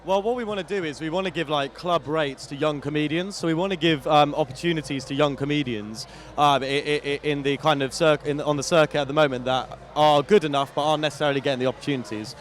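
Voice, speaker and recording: A male comedian answers interview questions eagerly, with plenty of fillers. His voice is fairly high, and he is recorded outside a venue in the city. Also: fast talker, few pauses. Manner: eager, with lots of fillers and laughter. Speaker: comedian and company co-founder.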